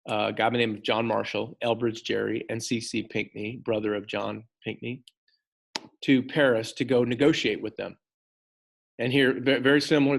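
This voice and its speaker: A man teaching a history lesson in an animated way, talking straight to his students and often repeating words as he goes. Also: medium pitch, vocal fry. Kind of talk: classroom lecture.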